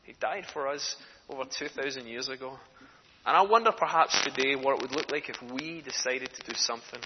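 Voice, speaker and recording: A man's voice: medium pitch, a little fast. A man delivers a church sermon and moves from easy storytelling to fervent emphasis. His voice rings through a reverberant hall. The recording sounds muffled and lo-fi, with a faint hiss underneath. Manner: earnest, storytelling, rising to passionate emphasis. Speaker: speaker for a children's charity preaching in church. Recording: echoey hall, dull lo-fi sound, faint noise.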